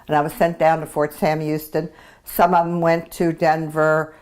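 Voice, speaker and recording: A woman's voice: sits low, little pitch movement, normal speed, a little mellow. A woman in her eighties, a veteran interviewee, speaking reflectively in an oral history interview with frequent restarts. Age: 80s.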